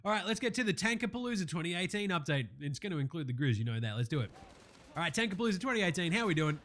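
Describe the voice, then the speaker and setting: Man, Australian accent, young adult, podcast host, profane excitable banter, slightly high pitch. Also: rapid-fire. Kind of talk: casual sports recap.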